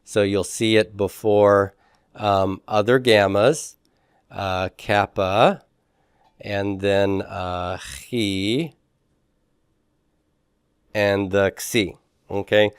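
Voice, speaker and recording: Slow, clear-voiced man teaching Greek. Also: fairly low pitch, steady tone, no echo, studio quality. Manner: slow, repeats pronunciations, many fillers, quizzes the class. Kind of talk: classroom lecture.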